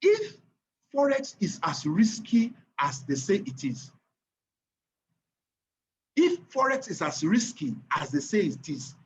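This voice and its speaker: A man's voice: high voice, takes it slowly, long pauses. A man with a Nigerian accent teaching an online trading class, repeating phrases and often checking whether his listeners are following. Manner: animated, repeats phrases, keeps checking the audience. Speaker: trading instructor. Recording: muffled lo-fi recording with faint noise.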